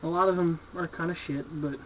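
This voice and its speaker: Rambling loosely and cursing cheerfully, a man with a fairly high voice walks through his horror movie shelf in a casual video review of his purchases. He's laid-back and enthusiastic, packs his speech with filler, and talks briskly with fairly even intonation. The audio is dull and lo-fi like an old home video, with faint hiss beneath.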